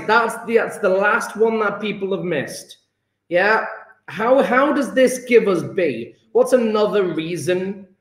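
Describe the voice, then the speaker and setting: A man's voice: sits high, roomy sound. A male chemistry teacher, teaching an enthusiastic, emphatic online lesson and calling on his students by name.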